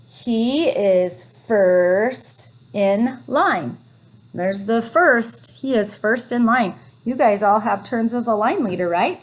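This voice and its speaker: A woman teacher leading a phonics lesson for young children, reading words slowly and encouragingly. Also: fairly high pitch. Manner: slow, encouraging, drawn-out reading.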